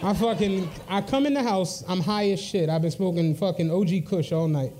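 A man with a very high voice, telling an animated story on a podcast taped live at a comedy club. He acts out his own quoted lines as he goes. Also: normal speed. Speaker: podcast co-host.

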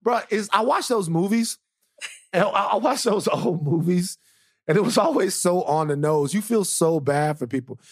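A man co-hosting a podcast in a casual comedic chat, telling lively stories and acting out voices. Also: sits high, moderate pace, breathy edge, no room sound, studio quality. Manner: animated storyteller, acts out voices. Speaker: podcast co-host.

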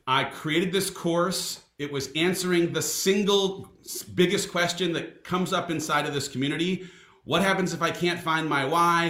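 A man in his thirties hosting a casual vlog, playful and excitable as he chats. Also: on the high side. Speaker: vlog host and first-time author. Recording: echoey room.

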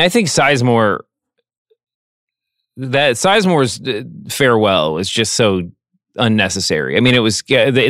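A man's voice: lowish voice, fairly bright tone, no room sound, clean studio sound. A man hosting a casual podcast chat, rambling and trailing off as he talks things through. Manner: rambling, trails off, acts out scenes. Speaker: podcast host.

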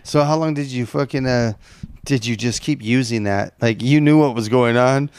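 A man's voice: medium pitch, normal speed, darkish tone, clean tone, no echo. A man co-hosting a podcast, joking crudely and teasing, with heavy swearing. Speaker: podcast co-host. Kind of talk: casual chat.

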